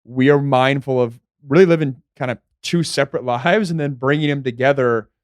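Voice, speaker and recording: Relaxed young man with a smooth voice. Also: medium pitch, normal speed, no echo, clean studio sound. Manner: relaxed, reflective, thinks aloud with restarts. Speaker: recurring podcast guest. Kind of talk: casual chat.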